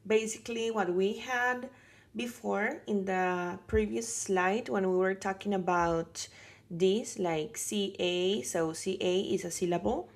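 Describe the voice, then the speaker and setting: A Spanish teacher with a mid-range voice walks beginners through a language lesson, patient and explanatory. She checks in with "right?" and pauses on fillers.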